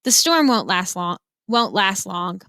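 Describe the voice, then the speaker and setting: A woman reading a novel aloud to students, voicing a bewildered, kindly small-town preacher who talks slowly and calmly. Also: mid-range voice, no room sound. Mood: reassuring.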